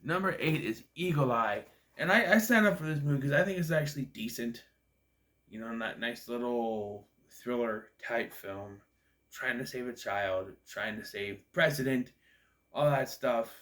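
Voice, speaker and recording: A man's voice: mid-range voice, animated, normal speed, fairly bright tone. Drowsy guy vlogging his movie rankings, rambly and loose, mid-range voice. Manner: rambling, yawning, lots of fillers. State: sleepy. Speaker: movie reviewer. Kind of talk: casual vlog movie ranking.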